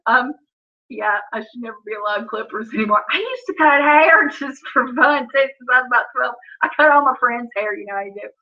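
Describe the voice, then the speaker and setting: Woman, middle-aged, high chatty voice, laughs a lot, muffled lo-fi stream sound. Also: animated, brisk. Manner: chatty, laughing often, self-mocking. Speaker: livestream host. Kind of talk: casual livestream chat. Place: at home, indoors.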